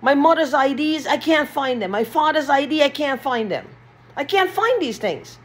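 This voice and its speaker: A woman's voice: high-pitched, very animated, normal speed. A woman in an agitated, repetitive vlog rant, swearing often, recorded in a small basement room. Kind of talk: ranting vlog monologue.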